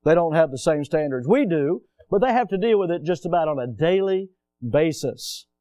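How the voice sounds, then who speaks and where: Dark-voiced man preaching a sermon. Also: a little high, animated, moderate pace, no room sound, highs cut off. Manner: preaching with call-and-response questions to the congregation; reads scripture aloud in old-fashioned wording. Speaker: pastor.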